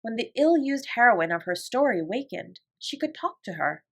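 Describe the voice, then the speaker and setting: A woman reads a classic children's novel aloud as a bedtime story. Her voice is slightly high and very lively, rising and falling expressively through the narration. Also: normal speed. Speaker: audiobook reader.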